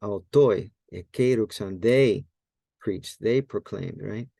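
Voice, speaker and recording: A man's voice: on the low side, takes it slowly, creaky, dark tone, no echo. A man teaching a Greek grammar lesson in a casual, think-aloud way, often correcting himself and using many fillers. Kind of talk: casual screen-share lesson.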